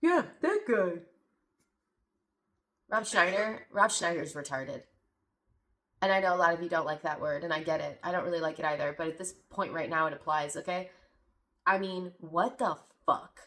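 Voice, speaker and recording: A woman's voice: lowish voice, fairly even intonation, fairly quick, bright, forceful tone. A woman hosting a podcast, reacting to a clip with indignant, sarcastic, profane commentary. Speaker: podcast host.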